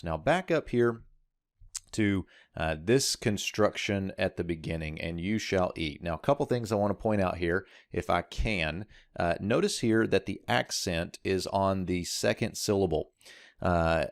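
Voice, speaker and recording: A man's voice: low voice, unhurried, no echo, clean studio sound. A man teaching a short language lesson, explaining a verse step by step as he points out details on screen. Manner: explanatory, walking through text on screen. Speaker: Hebrew teacher.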